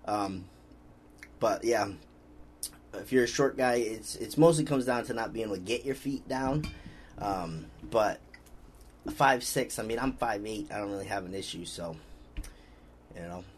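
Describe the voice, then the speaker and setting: A man's voice: lowish voice, normal speed, slight background noise. A man hosting a casual podcast, rambling easily and reading out viewer comments. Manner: laid-back, rambling, reads out viewer comments. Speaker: podcast host. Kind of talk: casual chat.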